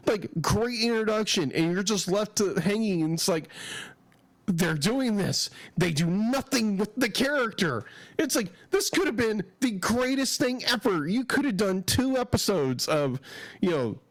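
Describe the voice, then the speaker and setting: A man's voice: sits high, lively intonation, unhurried, dry recording. A man co-hosting a podcast, chatting casually and enthusiastically, rambling and restarting his sentences, with a head cold. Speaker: podcast co-host. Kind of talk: casual chat.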